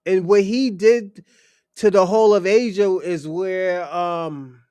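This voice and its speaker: A man's voice: high voice, fairly even intonation, takes it slowly, dark tone, clean tone, no room sound. A man ranting bluntly and crudely on a stream, full of swagger. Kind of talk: profane opinion rant.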